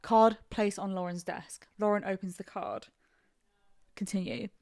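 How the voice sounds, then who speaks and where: A woman's voice: mid-range voice, steady tone, unhurried, gravelly, darkish tone. A young woman co-hosting a podcast in casual chat, giggling as she reads a story aloud. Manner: giggly, breaks into laughter while reading a story aloud. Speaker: podcast co-host.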